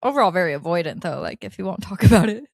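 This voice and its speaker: A woman co-hosting a casual advice podcast, talking in an animated way with frequent laughs and reading listener letters aloud. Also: lowish voice, racing, vocal fry, no echo, studio quality. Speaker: podcast co-host.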